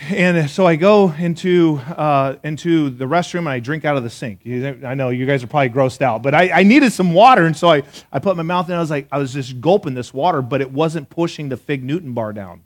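A pastor preaching a sermon to a live congregation, an animated storyteller who talks straight to his listeners with questions and laughs at his own jokes. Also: fairly high pitch, a little fast, hardly any pauses. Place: church service before a live congregation.

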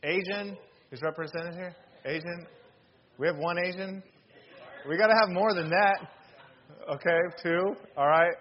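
A man's voice: sits high, unhurried, pauses often. A man preaching a sermon as pastor, polling the congregation and adding joking asides. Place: church hall. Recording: dull lo-fi sound with faint noise.

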